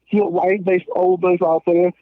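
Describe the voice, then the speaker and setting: A Southern man from Memphis with a high-pitched voice, blunt and slangy, spinning animated stories and tripping over his own restarts. He comes through a thin, tinny phone line with a dry sound and no room around him. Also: normal speed, dry recording. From Memphis, Tennessee. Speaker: podcast guest. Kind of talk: casual call-in conversation.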